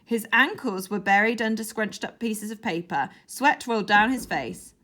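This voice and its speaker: A woman reading a children's story aloud in an expressive, animated way. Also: mid-range voice, normal speed, hardly any pauses. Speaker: audiobook narrator.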